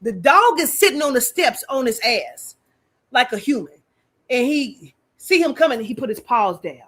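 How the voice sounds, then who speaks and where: A woman co-hosting a podcast, chatting casually with loud laughter and plenty of swearing. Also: a little high, sing-song, moderate pace, husky. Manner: loud, profane, bursts into laughter. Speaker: podcast co-host. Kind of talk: casual chat.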